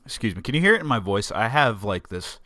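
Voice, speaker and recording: A man's voice: on the low side, sing-song, fast, sharp tone, no room sound. A man with a sore throat hosting his own podcast from a home office, rambling and joking at his own expense. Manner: joking, self-mocking rambling. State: sore throat, under the weather. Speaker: podcast host. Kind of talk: casual solo podcast monologue. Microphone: desk microphone.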